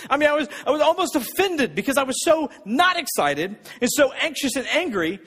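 A man preaching a sermon as pastor, telling a personal story with emphatic, repeated phrases and a husky voice. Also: very high voice, very animated, fairly quick, fairly bright tone. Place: church sanctuary. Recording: long reverb of a church hall.

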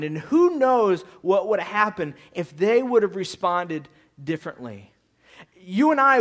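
A man's voice: high voice, a bit bright. A man giving a sermon in a conversational way, often checking in with the audience and acting out quotes. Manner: conversational preaching with tag questions and acted-out quotes. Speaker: pastor.

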